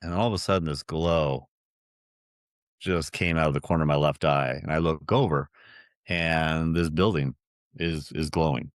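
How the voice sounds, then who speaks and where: A middle-aged man with a very low, deep voice tells his story as a podcast guest. He speaks earnestly and rambles a little, restarting sentences often. The recording is close and dry, with no room sound. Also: moderate pace, no room sound. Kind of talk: personal storytelling in an interview.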